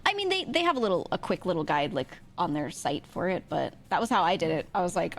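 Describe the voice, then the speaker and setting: A woman's voice: fairly low pitch, sing-song, quick pace, few pauses, faint music behind. A woman streamer in casual chat, giggly and full of fillers, her voice strained and irritated. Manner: chatty, giggly, lots of fillers.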